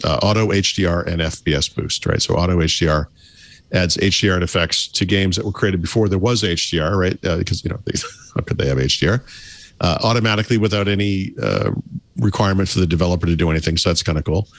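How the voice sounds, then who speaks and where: Deep-voiced new england guy co-hosting a podcast, rambly, laughs a lot, dry close mic. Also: vocal fry, fairly bright tone, no room sound. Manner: rambling, self-correcting, laughs often. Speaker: podcast co-host. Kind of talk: casual chat and news rundown.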